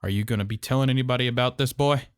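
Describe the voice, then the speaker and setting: A man's voice: medium pitch, smooth, no echo, studio quality, voice pushed up, lightly acted. Man doing a menacing Southern farm father. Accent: American Southern. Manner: slow, calm, threatening drawl that breaks into shouting. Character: menacing, violent rural father, quietly furious.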